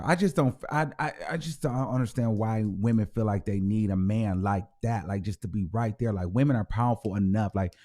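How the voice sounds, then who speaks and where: A man hosting his own show, giving a casual, profane commentary and acting out the people he talks about. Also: fairly low pitch. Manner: animated, profane, acts out quoted voices. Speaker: host.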